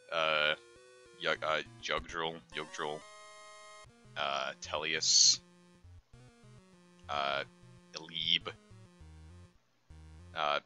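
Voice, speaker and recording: A man's voice: extremely low pitch, pushed and bright. A man streaming a game, making rambling jokes and asides full of fillers. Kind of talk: casual gameplay commentary.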